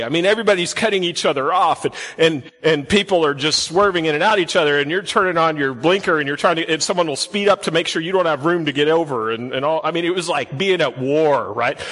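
A pastor preaches to his church in a bright, forceful voice that sits a little high for a man. His sermon is chatty storytelling, full of questions put to the congregation. A long hall reverb trails every phrase. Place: church sanctuary.

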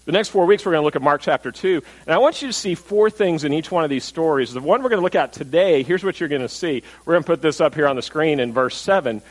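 A man preaching a sermon, lively and animated, asking the listeners rhetorical questions and repeating his words. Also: a little high, fast talker, hardly any pauses, poor audio. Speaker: pastor.

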